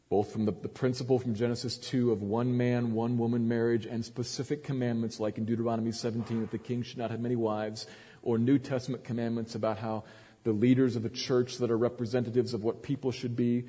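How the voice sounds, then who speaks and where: A man's voice: medium pitch, flat delivery, a little fast, mellow, husky, long reverb tail. A male pastor preaching a sermon, retelling a story with dramatic emphasis and frequent restarts.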